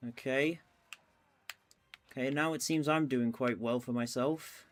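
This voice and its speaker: A man's voice: medium pitch, steady tone, a little slow, soft background music. A man talking through his race live, chatting with a friend and laughing often. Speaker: streamer playing the game. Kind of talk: live gameplay commentary.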